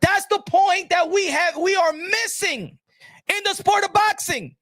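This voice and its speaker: A man giving opinionated boxing commentary. He talks in heated, profane bursts, repeats words, and rises to shouting. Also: very high-pitched, expressive, unhurried, no room sound, studio quality.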